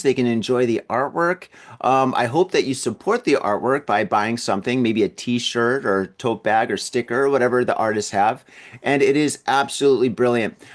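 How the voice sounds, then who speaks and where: Male podcast host, easygoing solo chat, quick to laugh, mid-range voice. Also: mid-range voice. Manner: chatty, easygoing, laughs often. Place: at home in an apartment building.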